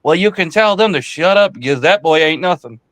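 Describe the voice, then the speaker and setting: A man calling in to a live sports talk show, boastful and loud in his trash talk. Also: on the high side, animated, brisk, dry recording. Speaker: caller.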